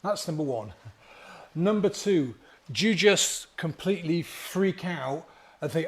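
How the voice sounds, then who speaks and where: A man, a life coach giving a chatty, animated motivational talk to camera and acting out inner voices along the way. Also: fairly high pitch, unhurried.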